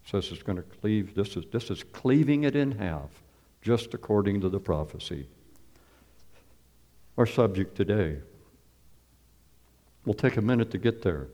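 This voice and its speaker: A man with a very low, dark voice delivers an earnest sermon, repeating himself and posing rhetorical questions to his listeners. A long reverb trails behind each phrase, as in a large hall. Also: lively intonation, unhurried, pauses often. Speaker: preacher.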